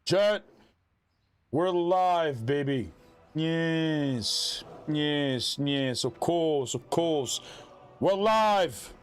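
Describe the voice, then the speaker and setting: A man chatting casually with his live-stream audience, animated and loud, often shouting catchphrases. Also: on the high side, drawn-out words, clean tone.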